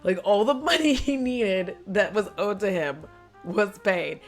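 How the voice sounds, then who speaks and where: A woman recapping a film in a casual chat, animated and chatty, acting out lines and laughing as she goes. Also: mid-range voice, a little slow, soft background music. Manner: acts out characters' lines and sound effects.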